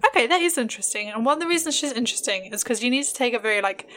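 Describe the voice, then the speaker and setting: A woman's voice: a little high, animated, a bit bright. Chatty young woman co-hosting a podcast. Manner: chatty, many "like" fillers, quick asides. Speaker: podcast co-host. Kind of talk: casual chat.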